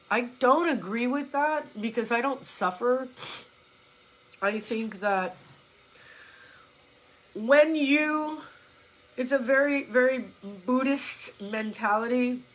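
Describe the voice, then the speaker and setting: A woman's voice: on the high side, slow pace, long pauses, low-quality recording. A woman fitness coach talking casually on a live stream, blunt and emphatic, swearing now and then and acting out her followers' complaints. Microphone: phone or laptop.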